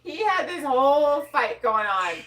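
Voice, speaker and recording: Slow, bright-voiced teasing woman. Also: high-pitched, big pitch swings, recorded from a distance. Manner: dry, teasing banter. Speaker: mortician. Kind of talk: casual live-stream chat. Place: home studio room. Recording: voice off-mic.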